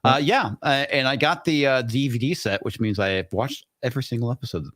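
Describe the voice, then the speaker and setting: A man's voice: mid-range voice, brisk, fairly bright tone, no echo, studio quality. A man hosting a casual live stream, reading out super chats and joking loosely after a few drinks. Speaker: host.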